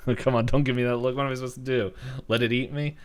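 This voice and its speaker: A man doing a gruff, defiant cartoon old man. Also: medium pitch, steady tone, very fast, a little hiss or hum, pitched above the performer's own voice, close to an everyday voice. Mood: exasperated. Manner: shouting defiant challenges.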